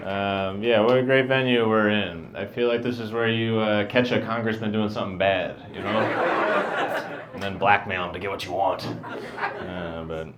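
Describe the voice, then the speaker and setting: A man doing a stand-up set, mumbling in a flat deadpan. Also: on the low side, moderate pace, reverberant, very noisy. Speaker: stand-up comedian. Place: comedy venue with a live audience. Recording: dull lo-fi live recording with crowd.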